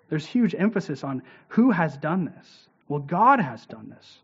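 High-voiced man teaching scripture, emphatic. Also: big pitch swings, measured pace, few pauses, fairly bright tone, husky. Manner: emphatic, often asks "right?". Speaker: Bible teacher. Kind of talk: scripture lecture. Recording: dull lo-fi recording.

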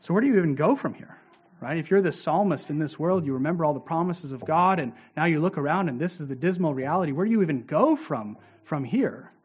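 A man with a notably high voice delivers a scripture lecture, stressing key words and tagging points with a quick "right?". The recording sounds dull and lo-fi, as if the top end were muffled. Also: expressive, slightly rough. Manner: emphatic, often asks "right?". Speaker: Bible teacher.

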